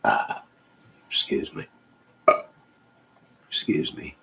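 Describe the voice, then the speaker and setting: Livestreaming casually from home with goats nearby, a man reads the chat and jokes around, teasing viewers by name. He speaks extremely slowly, with a pushed, bright voice.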